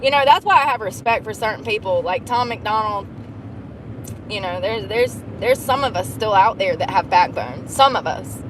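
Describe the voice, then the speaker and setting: A woman's voice: mid-range voice, lively intonation, moderate pace, slight background noise, rough recording. A woman chatting casually while driving, profane and laughing often. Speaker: vlogger. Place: car.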